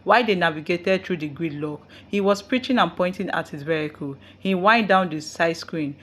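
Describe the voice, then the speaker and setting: A woman narrating a folktale in a steady reading voice. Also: lowish voice, moderate pace, few pauses. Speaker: storyteller. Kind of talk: scripted story narration.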